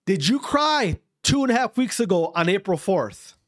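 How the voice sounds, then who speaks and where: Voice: medium pitch, very animated, normal speed. A speaker giving an opinion rant to camera, emphatic and blunt, firing off repeated rhetorical questions and swearing for emphasis.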